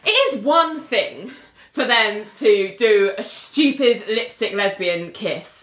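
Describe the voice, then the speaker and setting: A woman's voice: mid-range voice, takes it slowly. A woman, chatting casually about a TV episode and acting out the characters' lines. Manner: animated, acts out characters' lines. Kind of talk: casual chat recapping a TV episode. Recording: echoey room.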